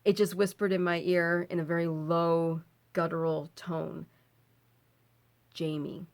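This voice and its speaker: A woman's voice: lowish voice, moderate pace. Woman telling a spooky personal story. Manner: animated, laughs often, swears when recounting fear. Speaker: vlogger. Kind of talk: casual storytelling.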